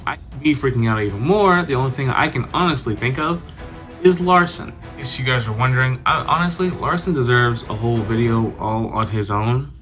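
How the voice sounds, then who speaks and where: A young man vlogging, telling a personal story in an animated, conversational way with lots of filler words. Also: medium pitch, fairly quick, soft background music. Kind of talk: storytime narration.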